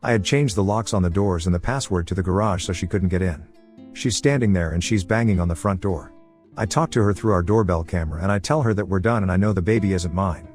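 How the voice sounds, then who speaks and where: A man reading an online story aloud in a casual first-person way, over soft guitar music. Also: sits low, fast talker. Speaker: story narrator. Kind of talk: reading a reddit post aloud.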